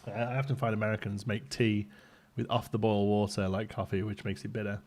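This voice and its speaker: A man's voice: lowish voice, little pitch movement, brisk, a little mellow. A young man hosting a live stream, chatting casually with viewers and joking with laughs. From Britain. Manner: joking, laughs often, banters with chat. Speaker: livestream host.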